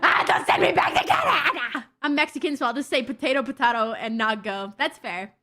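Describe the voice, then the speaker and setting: A young woman streamer chatting casually with her viewers, blunt, excitable and swearing constantly. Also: high-pitched, brisk. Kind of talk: casual livestream chat with viewers.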